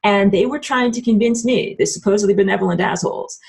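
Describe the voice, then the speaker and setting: A woman's voice: medium pitch, fast talker, gravelly, a little mellow. A woman giving a casual online spiritual lecture while she draws, talking bluntly and emphatically, with lots of "like" and some swearing. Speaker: spiritual teacher.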